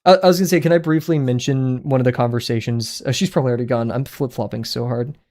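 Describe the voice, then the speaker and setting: A young man streaming his drawing sessions, chatting casually with viewers in a rambling, excitable way and laughing often. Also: medium pitch, quick pace. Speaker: art livestreamer.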